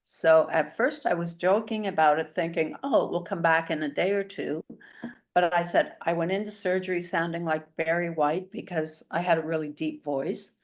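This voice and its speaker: Chatty woman with a lowish voice. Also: moderate pace. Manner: chatty and animated, a self-described talker. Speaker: guest. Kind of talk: casual storytelling in an interview.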